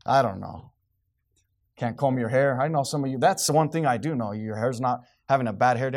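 A man preaching a sermon to his congregation, swinging from quiet, low remarks to loud, high outbursts. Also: a little fast. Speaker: pastor.

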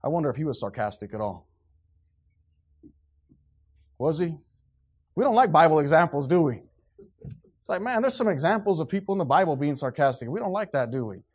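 A male pastor preaching a sermon in a church. His fairly high voice rises and falls widely as he drives his points home. He is sarcastic and fervent, and he keeps throwing questions out to the congregation. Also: very animated, quick pace, husky.

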